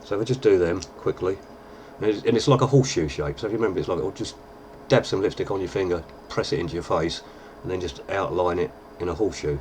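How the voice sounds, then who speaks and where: A deep-voiced man, chatting casually through a makeup tutorial with plenty of fillers. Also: fast, hardly any pauses, darkish tone, a little hiss or hum. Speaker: lookalike performer giving a tutorial.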